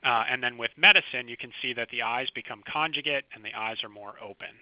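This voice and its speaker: A man, a physician, giving a recorded medical lecture over slides, explaining clinical signs in a calm, teaching manner. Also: medium pitch, quick pace, no room sound. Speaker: physician lecturing first responders. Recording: dry, slightly dull close recording.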